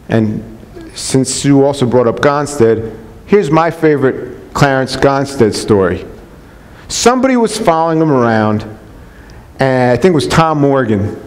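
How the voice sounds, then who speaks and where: Earnest man speaking in a reverberant hall. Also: on the high side. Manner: earnest, repetitive, enthusiastic preaching tone with restarts. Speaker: chiropractor speaking to colleagues. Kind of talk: unscripted talk to a live audience.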